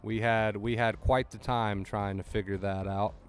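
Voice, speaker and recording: A man chatting casually on a livestream, excitable and talking to his chat, often repeating himself when flustered. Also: lowish voice, moderate pace, soft background music. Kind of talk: casual live-stream chat.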